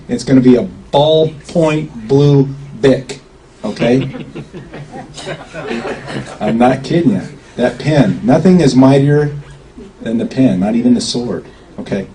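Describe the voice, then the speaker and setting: A man's voice: mid-range voice, animated, unhurried, pauses often, dark tone, poor audio. A man giving an informal talk to a small crowd, rambling in a folksy way and often checking in with "okay?". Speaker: speaker at a public gathering.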